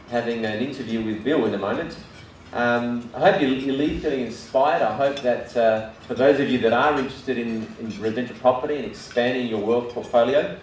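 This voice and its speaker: A man's voice: medium pitch, slight background noise. Brief: middle-aged Aussie male host, live room talk, heard from a distance in a very echoey hall, faint ambience. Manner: chatty, tells jokes with quoted voices, frequent restarts. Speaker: breakfast event host. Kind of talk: live presentation to a seated audience.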